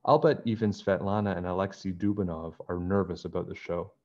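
A man's voice: low-pitched, fairly even intonation, brisk, a little mellow, dull audio. A man voicing a curious young girl detective in a storybook read-aloud, in a raised, eager girlish voice.

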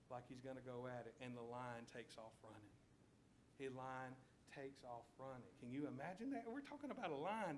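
A man preaching a sermon in a church, telling a story with lively checks of the congregation. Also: medium pitch, a little hiss or hum. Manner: animated storytelling, addresses congregation with "okay?". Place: church sanctuary.

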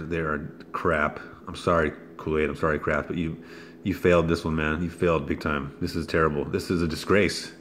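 A man reviewing products in a casual vlog, easily exasperated and breaking into loud, profane outbursts. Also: low voice, a little hiss or hum.

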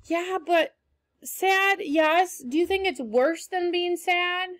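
High-voiced woman teacher, encouraging. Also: fairly bright tone. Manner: encouraging, questioning, slow emphasis. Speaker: teacher reading aloud. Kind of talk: read-aloud story with teaching asides.

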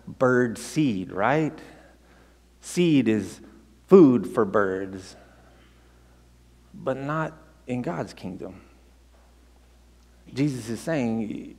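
Pastor, male, mid-pitch. Conversational storyteller, restarts often, long hall echo. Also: a little mellow. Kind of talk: sermon. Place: church sanctuary.

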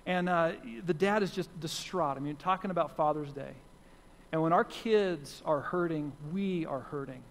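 A pastor with a slightly high voice preaches a sermon at normal speed, earnestly repeating key phrases for emphasis. Recorded in a church sanctuary, the audio has a long hall reverb and a little hiss or hum.

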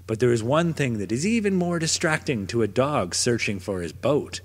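A storybook narrator reads a children's picture book aloud in a middle-pitched, slightly husky voice that rises and falls in a lively way. His gentle storytelling carries a long reverb.

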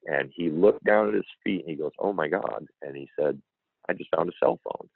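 A man with a gravelly bass voice, talking a little fast, tells an emotional personal story as an interview guest. He is earnest and animated, acting out what other people said. The recording is dry and tinny, like a phone line.

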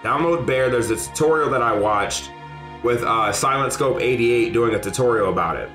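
A man streaming a game live, excitable and often shouting and laughing as he talks to his chat. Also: mid-range voice, moderate pace, reverberant. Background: faint game music.

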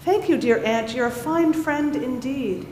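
A woman voicing a flustered, hurried male cricket who begs his neighbor for baking supplies. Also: sits high, a little mellow, a little hiss or hum. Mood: pleading. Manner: breathless, hurried pleading. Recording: echoey hall with faint ambience.

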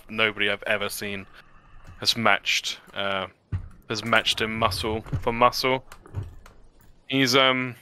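A man voicing a disciplined woman marine commander, speaking in a slow, measured way with a very bright, clear tone. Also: mid-range voice.

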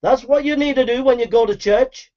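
Man, fiery preacher, high-pitched, repetitive and shouting, muffled lo-fi recording. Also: fairly quick. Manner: forceful, repetitive exhortation with shouted calls to repent. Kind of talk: fiery street-style sermon. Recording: dull lo-fi recording.

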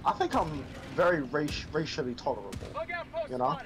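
A man's voice: on the high side, sing-song, fairly quick, over music, low-quality recording. Playful young male co-op gamer. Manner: playful, joking banter with a lot of fillers. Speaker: co-player. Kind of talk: casual gaming chat.

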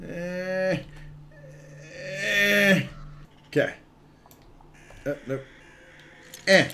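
A man's voice: fairly high pitch, expressive, slow pace, a little hiss or hum. A man giving jokey let's-play commentary over a game, exclaiming and making silly sound effects. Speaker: gaming video host.

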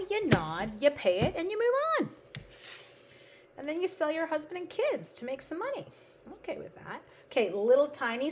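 A woman's voice: fairly high pitch, slight background noise. A woman from Canada hosting a live card-making stream, chatting playfully with viewers and talking to her supplies. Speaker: live-stream crafting host.

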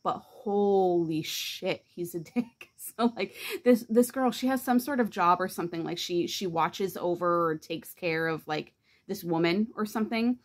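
A woman's voice: lowish voice, measured pace. Chatty, swearing young-sounding woman vlogger. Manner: animated, swears freely, heavy use of "like". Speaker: book vlogger. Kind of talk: casual reading vlog chat.

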